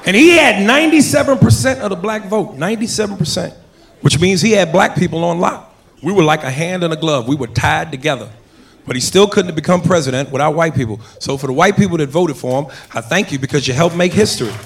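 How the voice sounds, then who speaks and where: A man's voice: a little high, fast. Punchy male stand-up in echoey club. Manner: punchy delivery with bursts of shouting. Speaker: stand-up comedian. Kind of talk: stand-up comedy routine. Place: comedy club stage with audience. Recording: roomy club with crowd noise.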